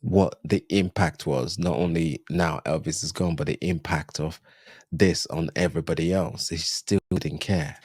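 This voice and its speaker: A man's voice: very deep voice, steady tone, measured pace, darkish tone, husky, no room sound, clean studio sound. A man hosting a reaction video, talking through his thoughts in reflective commentary.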